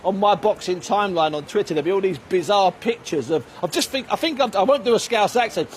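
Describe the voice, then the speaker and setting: A man with a notably high voice, spinning lively anecdotes as a boxing reporter on a radio sports show. A faint hum of ambience sits behind him. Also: fast, few pauses.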